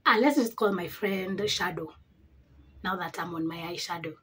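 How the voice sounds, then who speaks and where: A young woman from Africa, a beauty vlogger chatting through an animated storytime while doing her makeup. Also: on the low side, normal speed, slight background noise. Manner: animated storytelling with dramatic reactions.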